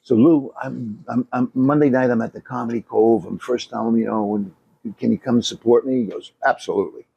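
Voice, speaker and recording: A man, a former comedy club owner, co-hosting a casual chat and telling animated stories, swearing freely and laughing often. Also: medium pitch, fairly quick, creaky, slightly rough, no echo, muffled recording.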